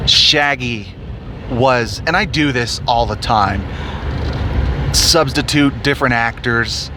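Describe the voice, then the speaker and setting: A man's voice: medium pitch, slow. A man hosting a podcast, ranting angrily and sarcastically, swearing nonstop while driving his car. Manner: angry, cursing constantly, sarcastic. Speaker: podcast host. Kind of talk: profane ranting monologue. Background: faint road and traffic noise.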